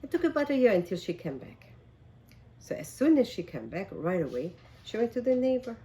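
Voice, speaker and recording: A woman's voice: mid-range voice, big pitch swings, a little fast, dark tone, low-quality recording. A woman teacher telling a story to a class, hesitant, with fillers and restarts.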